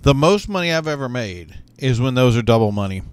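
A man's voice: mid-range voice, lively intonation, a little fast, clean tone. A man giving casual, rambling commentary while playing a video game, thinking aloud with many fillers and restarts. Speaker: gaming YouTuber.

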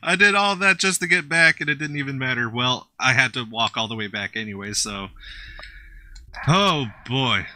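A man giving casual gameplay commentary as a gaming YouTuber, playful and excitable, laughing and swearing often. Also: mid-range voice, normal speed.

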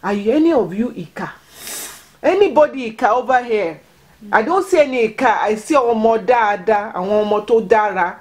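A woman's voice: on the high side, lively intonation, brisk, darkish tone. Encouraging woman teaching children at home. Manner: encouraging and patient, repeats and prompts words. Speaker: vlogger teaching Yoruba to children. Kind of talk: home language lesson.

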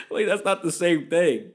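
Profane rambling man. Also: mid-range voice. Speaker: podcast host. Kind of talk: casual solo monologue.

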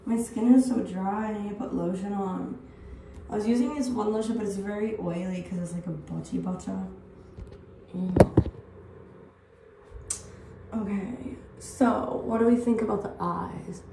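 Gravelly young woman in an echoey room. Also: mid-range voice, a little slow, long pauses, background noise. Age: early 20s. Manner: rambling, profane, blunt. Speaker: vlogger. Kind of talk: get-ready-with-me chat. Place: at home, getting ready. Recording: echoey room, distant mic.

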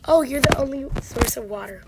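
A woman hosting live gameplay commentary, chatty and excitable, teasing the game characters, with game music behind her. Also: high voice, fairly quick, gravelly. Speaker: gaming channel host.

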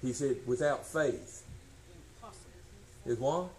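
A man preaching a sermon, folksy and emphatic, swinging from shouts to low tones. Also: slow pace, a little hiss or hum, poor audio. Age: 60s.

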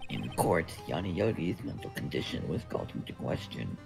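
A man doing a deep, gravelly haunted prosecutor. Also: big pitch swings, full character voice. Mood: solemn. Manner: slow, solemn reading of game dialogue. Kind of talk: reading game text aloud in character. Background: game music.

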